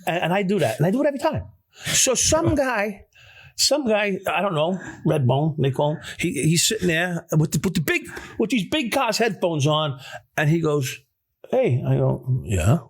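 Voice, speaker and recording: A man in casual podcast conversation, telling a story in an animated, profane way with many restarts. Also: high voice, normal speed, slightly rough.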